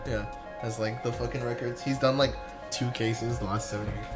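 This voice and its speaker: A woman's voice: extremely low pitch, steady tone, moderate pace. A young woman streaming a game, chatting animatedly, laughing and swearing. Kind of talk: casual gameplay chat. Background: game music.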